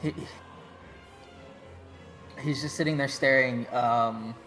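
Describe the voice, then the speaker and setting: A man's voice: mid-range voice, fairly even intonation, takes it slowly, fairly bright tone. Hesitant man playing a tabletop game. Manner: hesitant, stammering. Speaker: player. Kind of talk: casual tabletop game play. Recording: roomy, with background music.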